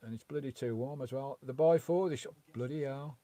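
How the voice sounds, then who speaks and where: A man's voice: mid-range voice, a little fast, dark tone, no room sound. A man chatting casually on a live stream from his campervan, reading out chat messages in a rambling way with mild swearing. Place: parked in a campervan.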